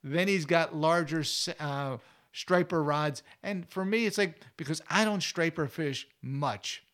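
A man's voice: fairly high pitch, unhurried, a bit bright. Chatty man talking fishing gear. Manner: chatty, folksy, tells anecdotes. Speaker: fishing show host. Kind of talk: casual instructional talk.

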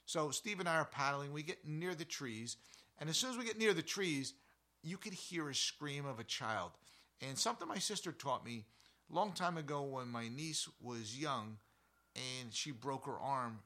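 A man who hosts an outdoor show, telling a story in a casual, animated, rambling way full of side remarks. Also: a little high, normal speed.

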